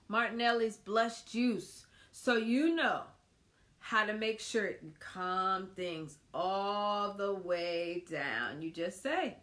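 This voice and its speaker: A woman's voice: medium pitch, slow, a bit bright. A woman hosting a faith-based marriage tips talk, earnest and encouraging, often repeating phrases for emphasis. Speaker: marriage ministry host.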